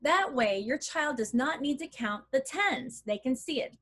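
A middle-aged woman giving a step-by-step math lesson walkthrough for parents, clear and encouraging as she demonstrates on an abacus. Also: sits high, expressive, unhurried, fairly bright tone. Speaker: math curriculum instructor.

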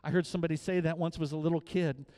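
A middle-aged male pastor preaching a sermon, swinging from quiet asides to loud, emphatic repetition. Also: fairly high pitch, fairly even intonation, fast.

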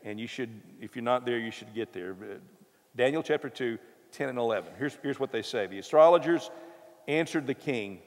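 A man's voice: mid-range voice, a little fast. A male preacher giving a sermon in a church, telling the story conversationally with touches of humor. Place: church sanctuary. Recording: reverberant church hall.

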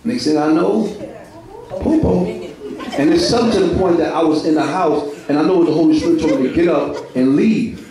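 A man's voice: a little high, normal speed, a crowd in the background. Heartfelt man testifying in an echoey church. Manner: repetitive, heartfelt, street slang, laughing through it. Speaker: church minister giving a testimony. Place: large echoey church hall. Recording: echoey hall from far off.

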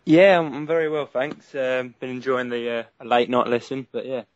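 A man calling in to a podcast in casual chat, measured and a little hesitant, heard over a call line. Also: mid-range voice, steady tone, no room sound, highs cut off. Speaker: guest caller.

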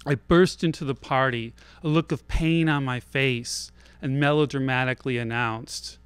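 A man telling a personal story live on a theater stage, in a wry, self-deprecating and deliberate way. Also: medium pitch, fairly even intonation, clear, resonant tone, no room sound.

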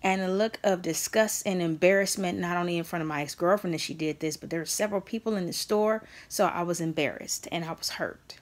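A woman's voice: on the low side, a little fast, few pauses. Earnest woman vlogger telling a personal story. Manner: earnest, emphatic, talks straight to viewers. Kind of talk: candid personal storytelling to camera.

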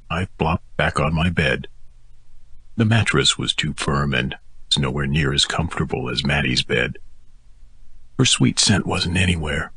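A man reads a first-person audiobook in a steady, intimate way. His voice is very deep and markedly husky, with a bright, forceful edge. The close mic sounds dry. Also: no room sound. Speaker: audiobook narrator.

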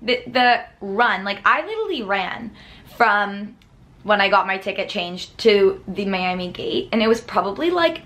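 A young woman tells a hectic travel story straight to the camera. She talks in a chatty, rambling way, filling her sentences with "like" and breaking into small laughs. Her voice sits at an ordinary middle pitch. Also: big pitch swings, measured pace, fairly bright tone. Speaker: vlogger.

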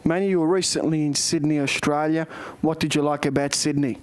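A man hosting a boxing show, asking questions in an energetic, loud way. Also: on the high side, fairly quick, slight background noise. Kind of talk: interview.

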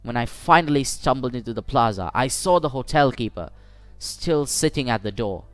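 A man narrating a first-person short story for English learners in a measured, deliberate way. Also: medium pitch, expressive, clean tone, dry recording. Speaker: audiobook narrator.

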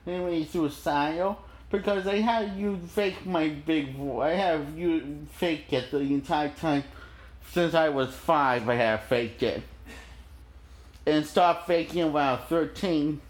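A young man recording a casual video message in a soft, childlike voice, with halting restarts and repeated words. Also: a little high. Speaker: vlogger.

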